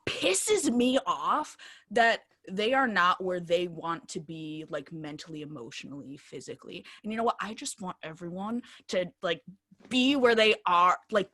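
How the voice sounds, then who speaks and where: A woman's voice: mid-range voice, a bit bright. A young woman co-hosting a podcast in casual chat, gushing and emotional, filling her talk with "like". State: tearing up. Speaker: podcast co-host.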